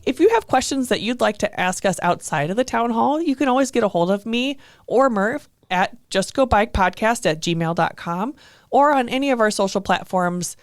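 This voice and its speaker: A woman's voice: a little high, dry recording, studio quality. A young woman co-hosting a podcast in casual, chatty talk, often laughing. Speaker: podcast co-host. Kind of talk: casual chat.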